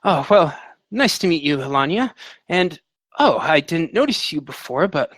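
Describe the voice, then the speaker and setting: A man's voice: fairly high pitch, big pitch swings, normal speed, a bit bright, no room sound. A man voicing a nervous, suave young male bard who stammers and sounds out of breath. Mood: charming.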